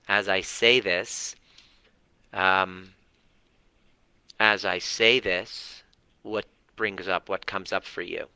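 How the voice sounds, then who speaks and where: A man's voice: lowish voice, sharp tone, clean tone, no room sound. A man talking earnestly to livestream viewers about parenting, repeating words for emphasis and swearing now and then. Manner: earnest, repetitive, mildly profane. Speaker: parenting coach.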